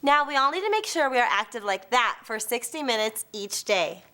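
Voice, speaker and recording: A woman's voice: on the high side, lively intonation, brisk, sharp tone, smooth. A woman cheerleader speaking to students in an upbeat way and leading a call-and-response cheer.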